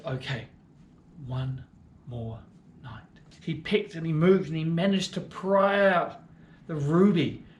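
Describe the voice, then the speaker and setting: A man reads a story aloud for children with lots of expression. His voice is slightly high and moves between bold and hushed lines. There is an echoey room and faint background noise.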